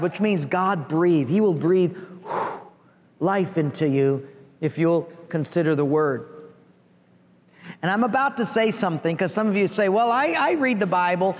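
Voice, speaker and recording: Animated male pastor preaching in a reverberant hall. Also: sits high. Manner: animated, acts out prayers and asides to the congregation. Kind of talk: sermon.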